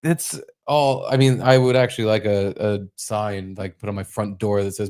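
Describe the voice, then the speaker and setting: A man co-hosting a casual podcast, telling stories in an animated way, swearing freely and acting out his own startled yelps. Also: lowish voice, moderate pace, clean tone. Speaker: podcast co-host. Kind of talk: casual chat.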